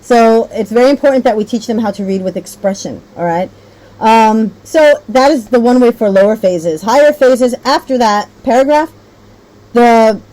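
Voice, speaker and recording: A woman's voice: a little high, mellow, rough recording. A woman training teachers on a reading method, rambling a little, correcting herself and checking in often. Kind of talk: teacher training talk with read-aloud demos.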